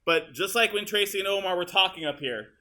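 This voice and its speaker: A male teacher walking students through an editing demonstration in a high school classroom, casual and chatty as he works. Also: expressive, brisk, bright, forceful tone. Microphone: room mic, uneven audio quality.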